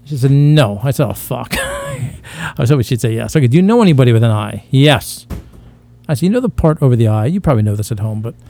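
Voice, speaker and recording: Male podcast co-host, dark mellow tone, boastful and rambling, crude self-mocking humor. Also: medium pitch, huge pitch swings, fast, gravelly, faint music behind. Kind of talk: casual crude comedic banter.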